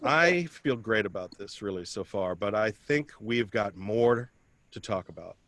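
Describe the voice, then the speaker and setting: A man's voice: on the low side, expressive, a little slow, fairly bright tone, no echo. A man doing a self-deprecating stand-up comedy set over a video call, chatting with viewers between jokes.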